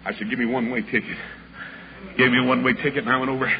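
A man preaching, telling a folksy story and acting out the voices in it, building up to shouts. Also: medium pitch, little pitch movement, racing, a crowd in the background. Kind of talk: storytelling sermon. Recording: dull lo-fi recording with clear background hiss.

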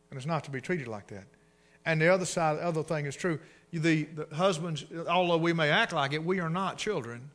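Preacher man, kinda high voice, goes quiet then loud, sharp edge. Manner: preaching, swinging from hushed asides to loud emphatic bursts. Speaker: pastor. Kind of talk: sermon.

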